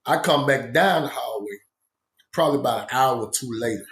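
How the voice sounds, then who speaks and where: A man's voice: mid-range voice, fairly quick, a bit bright. A man casually telling a story from his own past, rambling with slang and many asides. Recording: echoey room.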